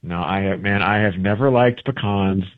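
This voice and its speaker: Chatty male guest, rambling storyteller who corrects himself as he goes, lowish voice, phone-line sound. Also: normal speed. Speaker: travel book author guest. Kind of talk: casual radio interview. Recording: tinny phone-line audio.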